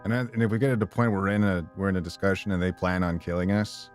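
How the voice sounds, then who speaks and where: A man's voice: low voice, racing, faint music behind. A man casually chatting and planning moves while playing a game with a friend. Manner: thinking aloud, planning. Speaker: host. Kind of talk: casual let's-play chat.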